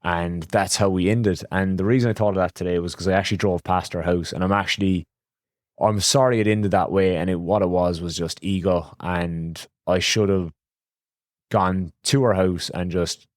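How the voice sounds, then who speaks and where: A man's voice: sits low, dry recording, studio quality. A man hosting a podcast and telling a rambling, frank story in casual talk, swearing now and then. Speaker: podcast host, electrician.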